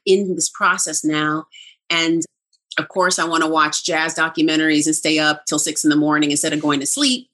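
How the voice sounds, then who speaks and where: This low-voiced middle-aged woman shares a personal anecdote in an informal chat, laughing often. Her telling is lively, and she acts out each quoted line.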